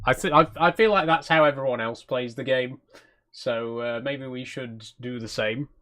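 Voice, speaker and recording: A male streamer chatting through a cozy game with a small audience. His voice sits at an ordinary middle pitch, and he keeps up a casual, self-mocking patter broken by frequent laughs. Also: moderate pace, fairly bright tone. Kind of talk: live stream gameplay commentary.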